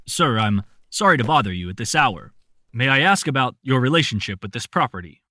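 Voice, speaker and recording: A man's voice: mid-range voice, very animated, brisk, pushed and bright, no room sound. A man voicing a formal, courteous male police officer in a storybook reading. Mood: somber.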